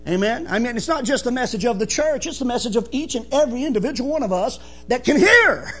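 A male preacher with a strikingly high voice delivers his sermon with fervour. He drives each point home with emphasis, dropping soft and then rising loud. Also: animated, fast, faint music behind. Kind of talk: evangelical sermon.

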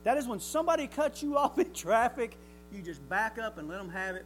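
A man's voice: sits high, a little fast, faint music behind. A man preaching a sermon in a folksy way, asking rhetorical questions and chuckling often.

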